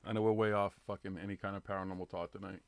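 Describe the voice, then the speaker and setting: A man's voice: low voice, little pitch movement, very fast, clear, resonant tone, no room sound. A man in his thirties hosting a live online show, chatting casually and telling loose stories with plenty of swearing. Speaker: podcast host. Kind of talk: casual chat on a live stream.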